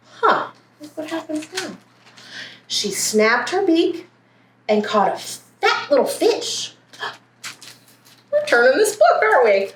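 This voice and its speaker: A woman's voice: sits high, sing-song, slow pace, long pauses, distant mic. A woman librarian leading a story time, reading a picture book aloud and talking playfully to young children. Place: branch library. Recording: roomy echo, faint background hiss.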